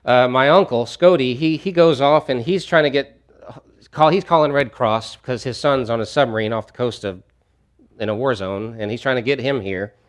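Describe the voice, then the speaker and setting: A man's voice: medium pitch, normal speed. A man preaching a sermon as a pastor, telling a story in a conversational way with frequent restarts.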